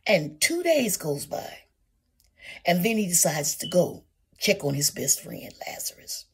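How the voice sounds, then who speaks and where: A woman's voice: fairly low pitch, sing-song, measured pace, breathy edge. A woman preaching a sermon, calling her listeners saints and asking question after question, sometimes dropping to a whisper.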